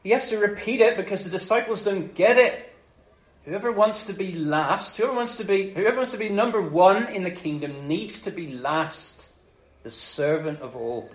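A high-voiced man preaching in an echoey room. He tells the story in a lively, jokey way and acts out the characters in playful voices. It feels like a casual sermon. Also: normal speed.

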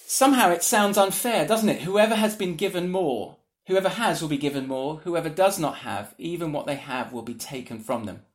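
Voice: medium pitch, normal speed, hardly any pauses. A preacher giving an earnest, conversational sermon that is full of questions put to the listeners. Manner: earnest, conversational, asks the audience rhetorical questions.

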